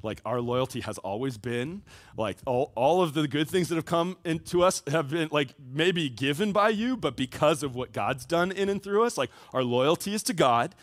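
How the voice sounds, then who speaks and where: Animated casual youth pastor, a man. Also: a little high, normal speed, dry recording. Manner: casual, conversational, many "like" and "right?" asides. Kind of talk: sermon to high schoolers.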